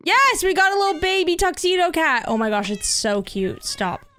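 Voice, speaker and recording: A woman streaming a video game in casual chat, cooing over cute cats and lapsing into soft baby talk to her pet. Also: very high-pitched, sing-song, moderate pace, a little hiss or hum. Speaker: livestreamer. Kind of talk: casual gameplay livestream chat.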